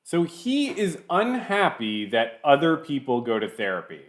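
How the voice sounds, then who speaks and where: A man talks over a clip he is playing, sarcastic and dry, now and then stopping it to pick at what was said. His pitch sits a little high and swings a lot as he scoffs and presses his point. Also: sing-song. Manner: sarcastic, pausing the clip to mock it. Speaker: commentator reacting to a video. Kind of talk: reaction commentary.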